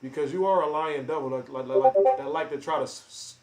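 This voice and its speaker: A man ranting on a live stream, confrontational and boastful, calling out chat members by name with loud bursts and drawn-out emphasis. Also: fairly high pitch, soft background music. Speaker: livestreamer. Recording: roomy echo.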